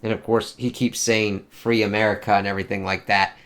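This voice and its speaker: A man with a lowish voice talks through a comic book in a loose, unscripted way. He swears freely and keeps reaching for fillers as he goes. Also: level tone, fairly quick, fairly bright tone. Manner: rambling, profane, many fillers. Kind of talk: casual spoken review.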